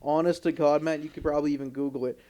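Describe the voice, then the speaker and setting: A man's voice: on the high side, very fast. A young man from Canada, co-hosting a podcast, telling stories in casual chat with lots of swearing and acted-out quotes. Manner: animated, swears a lot, acts out quotes. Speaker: podcast co-host.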